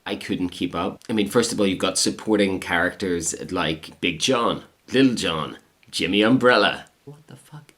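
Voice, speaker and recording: A young man giving a comedic film review, sardonic and sweary, with deadpan asides. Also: low-pitched.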